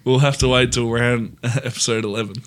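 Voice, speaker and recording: A man's voice: mid-range voice, fairly even intonation, a little fast, noisy background. An Australian man co-hosting a casual sports podcast, chuckling often and trailing off mid-sentence. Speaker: podcast co-host.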